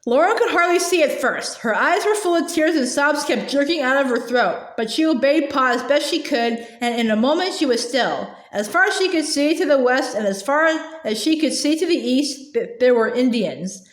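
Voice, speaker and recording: A woman reading a children's novel aloud gently, with small restarts now and then. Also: high voice, animated, moderate pace, hardly any pauses, reverberant. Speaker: storybook reader.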